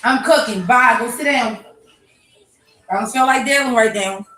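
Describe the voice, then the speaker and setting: A woman's voice: fairly high pitch, normal speed, a bit bright, soft background music. A woman hosting a casual morning livestream from home, ranting bluntly and profanely while talking to her chat. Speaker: livestream host. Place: home, kitchen. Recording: echoey room with faint noise.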